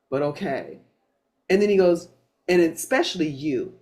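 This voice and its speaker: Low-voiced woman telling stories casually. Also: moderate pace. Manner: animated storytelling, swears, many restarts. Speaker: satsang host. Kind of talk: casual spiritual chat.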